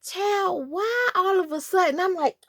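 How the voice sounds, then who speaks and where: A young woman, casually telling a childhood story in a playful, animated way, talking straight to her viewers. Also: very high-pitched, unhurried, no echo, clean studio sound.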